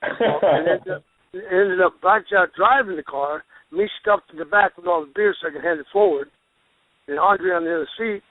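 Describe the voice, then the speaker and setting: A man who is a pro wrestler, a guest telling rambling, animated stories with restarts and folksy exclamations. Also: high voice, moderate pace, no echo. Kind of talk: storytelling interview. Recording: phone line, dry.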